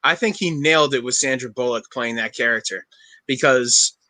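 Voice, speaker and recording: Bright-voiced chatty man. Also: mid-range voice, moderate pace, no echo. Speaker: podcast guest. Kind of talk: casual chat.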